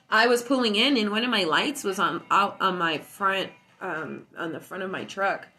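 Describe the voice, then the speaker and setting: Loud woman chatting on a livestream. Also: mid-range voice, moderate pace. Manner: loud and animated storytelling. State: high from cannabis. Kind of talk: casual livestream chat. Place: at home indoors.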